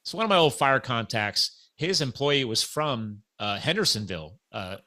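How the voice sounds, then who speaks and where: A man casually telling a long story in a podcast chat, animated and acting out the dialogue of people he met. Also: mid-range voice, moderate pace. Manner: animated, acts out quoted dialogue.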